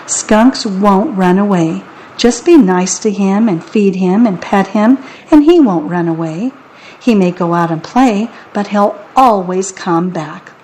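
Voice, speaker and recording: A woman's voice: mid-range voice, unhurried, a little mellow, a little hiss or hum, close to an everyday voice, rough recording. A woman reading a storybook and voicing a kindly, patient schoolteacher who speaks soothingly. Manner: soothing, reassuring.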